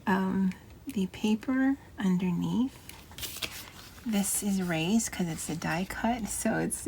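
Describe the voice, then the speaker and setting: A middle-aged woman chatting softly and often half-whispering as she decorates her planner, with a Valley Girl lilt. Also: mid-range voice, takes it slowly, vocal fry, a little hiss or hum. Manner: soft, often half-whispered, self-deprecating. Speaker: planner vlogger. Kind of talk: casual crafting chat.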